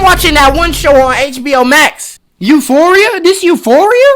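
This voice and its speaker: High-voiced young man riffing loudly. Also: big pitch swings, measured pace, few pauses, slight background noise. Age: 20s. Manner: loud, mocking, joking slang. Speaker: reaction video host. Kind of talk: casual reaction commentary.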